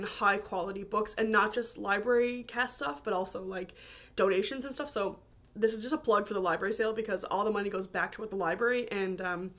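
A woman's voice: mid-range voice, fairly bright tone. A woman from Canada chatting casually about books she bought, full of fillers and frequent laughter. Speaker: book vlogger. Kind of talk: casual chat.

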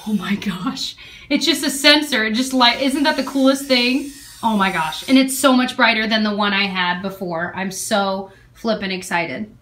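A woman vlogging casually, excitedly showing gifts and chatting while out running errands. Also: medium pitch, normal speed. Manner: excited, gushing. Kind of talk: casual vlog chat. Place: at home and in a car.

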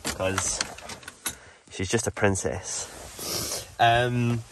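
A young man with a Scottish accent talks in a chatty, easygoing way, rambling from one thought to the next. His voice sits a little low. It sounds like a casual vlog recorded outdoors on a camping trip by a loch. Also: steady tone, very slow, background noise. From Scotland. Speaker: vlogger.

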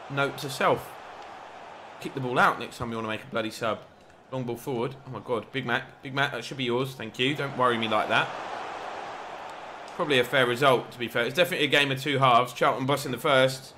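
An excitable young man narrates his football game as he plays, talking straight to his viewers. His voice is bright and forward, and it jumps up to shouts when a chance comes. A faint hum of game sound sits behind him. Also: mid-range voice, brisk. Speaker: gaming YouTuber. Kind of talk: live gameplay commentary.

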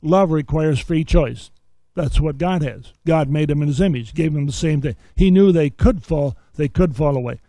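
A man teaching a seminary Bible lesson, reading scripture aloud and explaining it point by point. He talks with a preacher's cadence and slows down on key words. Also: fairly high pitch, warm tone, dry recording.

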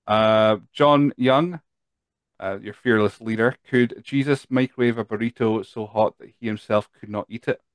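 A man's voice: on the low side, fairly even intonation, moderate pace, no echo. A Scottish man hosting a podcast, chatty and tired, reading out listener questions with lots of fillers. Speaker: podcast host. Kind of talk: casual chat.

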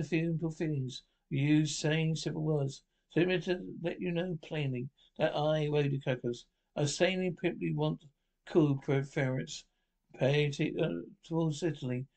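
Gravelly man reading a comedy script. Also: on the high side, steady tone, darkish tone. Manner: switches between characters in quick back-and-forth. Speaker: reader voicing a film script.

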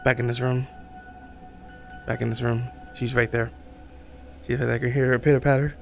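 A man streaming a horror game, talking to himself in casual commentary, swearing and jumping to a high squeal when startled. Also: level tone, normal speed, vocal fry, soft background music. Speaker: gaming streamer.

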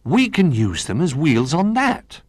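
A man's voice: on the high side, huge pitch swings, measured pace, no room sound, studio quality, pitched above the performer's own voice, exaggerated voice. A man voicing a sensible, helpful toy sailor in a storybook reading.

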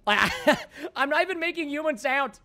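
A man with a high-pitched voice talks through a game on a casual livestream. He is excitable and jokey, and shouts when frustrated. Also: moderate pace. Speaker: gaming livestreamer. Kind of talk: casual gaming livestream commentary.

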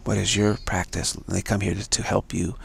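Male spiritual teacher, low voice, heavy gravel, loops back on his own phrases as he talks. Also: little pitch movement, moderate pace, a little hiss or hum. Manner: repeats phrases over and over. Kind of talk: unscripted spiritual talk. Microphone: livestream mic.

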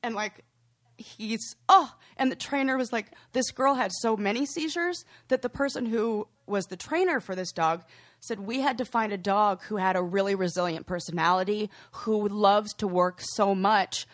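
A woman's voice: medium pitch, normal speed. A young woman co-hosting a podcast, telling a story in a gushing, emotional way. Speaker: podcast co-host. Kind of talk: casual chat.

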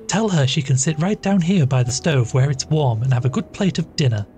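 A man voicing a hearty, mischievous young country woman who talks brisk and impatient. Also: on the high side, lively intonation, mellow, soft background music, close to an everyday voice. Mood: bossy.

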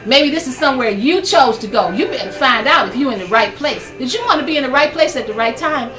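Bright-voiced older woman preaching fervently. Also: high voice, animated, fast, echoey room, far from the mic, faint music behind. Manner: fervent, preachy, laughs often. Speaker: host of a gospel program. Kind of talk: devotional talk to camera. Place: her home.

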